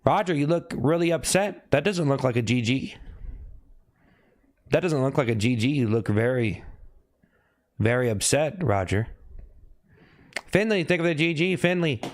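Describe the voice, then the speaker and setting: A man live streaming who teases his chat with repeated needling questions and breaks into sudden high yelps. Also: animated, moderate pace, pauses often. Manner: teasing, repetitive needling questions.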